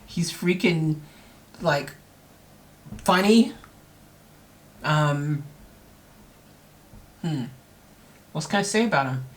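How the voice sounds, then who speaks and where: A woman's voice: lowish voice, a bit bright, slight background noise. A woman from the United States hosting a casual reaction video, rambling and self-mocking with lots of fillers.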